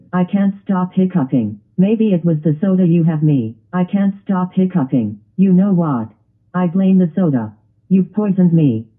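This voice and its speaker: A text-to-speech voice playing a grumpy, complaining male ogre in a cartoon, read flatly. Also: medium pitch, breathy edge. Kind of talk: text-to-speech grounded video. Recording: tinny phone-like lo-fi audio.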